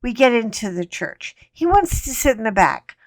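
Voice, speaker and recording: A woman's voice: a little high, very animated, moderate pace, dry recording, clean studio sound. A middle-aged woman hosting a coloring channel, telling a rambling story in a wry, casual way, with mild cursing and frequent "anyway" asides.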